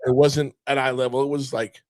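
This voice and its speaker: A man co-hosting a film podcast, retelling a movie scene by scene in casual chat with plenty of swearing and quick character voices. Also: mid-range voice, dry recording, studio quality. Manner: animated retelling, profane, acting out character voices. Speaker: podcast co-host, film critic.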